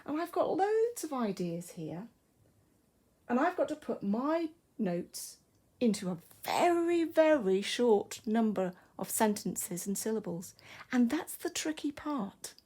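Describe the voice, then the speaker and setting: An English woman teaching a primary school class, thinking aloud slowly and carefully as she writes, in a recorded online lesson. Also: a little high, very animated, mellow, husky. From England. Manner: slow, careful, thinking aloud while writing.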